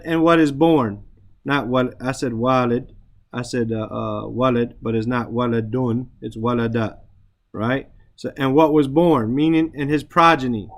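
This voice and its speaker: A man's voice: a little high, fairly bright tone. A man teaching an Arabic and Quran class, explaining grammar patiently, often checking with "right?", reciting verses and then translating them.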